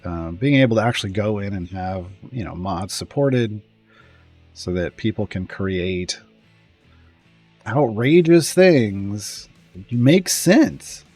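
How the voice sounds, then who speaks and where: A man chatting casually on a live stream, rambling and often trailing off with pauses and small chuckles. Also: fairly low pitch, a little mellow.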